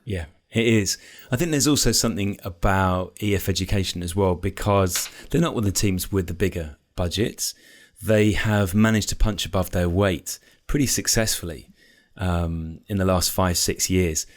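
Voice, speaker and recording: A man hosting a cycling podcast in casual chat, measured and diplomatic, steering the talk from point to point. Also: low voice. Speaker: podcast host.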